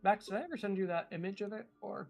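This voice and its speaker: A man's voice: high voice, fast, vocal fry, faint music behind. A man narrating a tabletop game as game master, hesitant and full of filler sounds.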